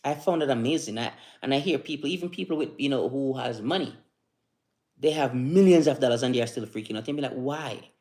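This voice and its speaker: A man hosting a live stream, giving a casual motivational talk in a relaxed, rambling way, often repeating words and restarting sentences. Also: mid-range voice, quick pace.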